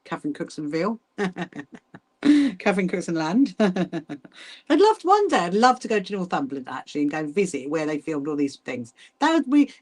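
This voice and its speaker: Middle-aged woman, rambling livestream host, warm-voiced chatter over her hand sewing. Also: fairly low pitch. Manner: chatty, rambling, many restarts and asides; greets viewers by name while hand sewing. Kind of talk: casual livestream chat.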